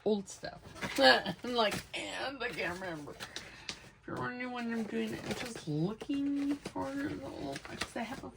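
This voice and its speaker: A craft channel host with a fairly high, gravelly voice chats a little slowly over a noisy background. She rambles in a scattered way while hunting for supplies, correcting herself as she goes.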